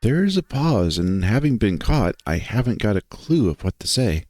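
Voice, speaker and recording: A man's voice: fairly low pitch, sing-song, normal speed, few pauses, a little mellow, dry recording, clean studio sound. A man narrating a visual novel in the first person. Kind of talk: dramatic visual novel reading.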